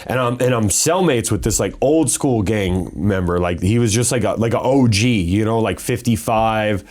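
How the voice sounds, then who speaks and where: A man's voice: lowish voice, moderate pace. Slangy storytelling man. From Colorado, USA. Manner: animated, slangy, acts out quoted voices. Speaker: podcast guest, former fighter. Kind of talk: casual storytelling interview.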